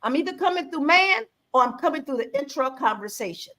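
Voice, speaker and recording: A woman in her sixties telling a personal story in a conversational talk, acting out quoted dialogue with lively, expressive delivery. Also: high-pitched, fairly quick. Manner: animated, acts out quoted dialogue with her own voice. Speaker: guest speaker on faith and mother-daughter bonding.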